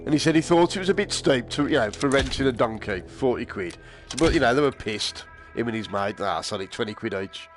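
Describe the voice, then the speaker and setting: A man's voice: medium pitch, animated, a little fast, hardly any pauses. Chatty swearing man over game music. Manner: chatty, swears and laughs often. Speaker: game streamer. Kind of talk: casual chat while playing a VR game. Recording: game music loud under voice.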